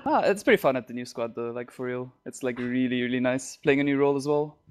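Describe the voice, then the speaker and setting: Give me a relaxed, mumbling man from South Africa being interviewed on a gaming podcast. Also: medium pitch, quick pace, smooth. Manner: laid-back, mumbly, lots of fillers. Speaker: podcast guest, esports player. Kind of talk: casual interview chat.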